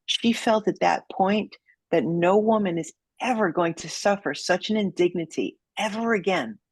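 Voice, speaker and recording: A woman with a husky, slightly breathy voice tells a story as a podcast guest. She dramatizes it, acting out each quote. The sound is dry and close. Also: mid-range voice, moderate pace, no room sound. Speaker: guest, judo sensei.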